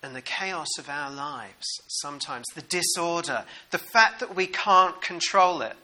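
A New man gives a sermon in a chatty, animated way and often puts questions to his listeners. His voice sits a little high and has a very bright, sharp edge. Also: measured pace, low-quality recording. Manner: animated, conversational, asks the congregation questions. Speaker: preacher.

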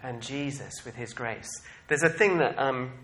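With a mid-range voice at a measured pace, a man delivers a sermon to his congregation. He laughs often and stays animated, shifting from quiet, reflective moments to loud, excited outbursts.

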